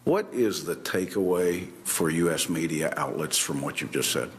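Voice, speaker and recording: A man on a committee questioning a witness at a hearing, in a deliberate, hesitant way. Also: very deep voice.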